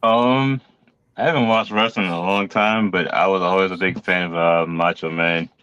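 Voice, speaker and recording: A man's voice: deep voice, fairly even intonation, moderate pace, a bit bright, clear, resonant tone, no echo. A man on a video call, answering briefly and a little hesitantly. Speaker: guest artist. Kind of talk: casual live-stream chat. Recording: dry, dull lo-fi call audio.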